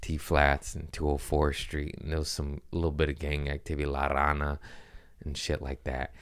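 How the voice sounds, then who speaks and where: Podcast host, man, low and smooth voice, loose rambling storyteller. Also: monotone, normal speed. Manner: rambling, laid-back, swears. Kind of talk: casual storytelling chat.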